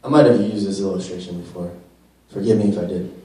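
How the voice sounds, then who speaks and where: A man's voice: low-pitched, fast, dark tone. A young man, a youth pastor, preaching an earnest sermon full of rhetorical questions and repeated phrases. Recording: very echoey room, distant mic.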